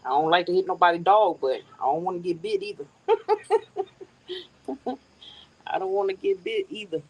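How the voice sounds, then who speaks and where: A woman's voice: on the low side, normal speed, poor audio. A middle-aged woman hosting a casual outdoor live stream on her phone, chatting to viewers and laughing often. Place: outdoors in a yard. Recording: faint outdoor noise with crickets.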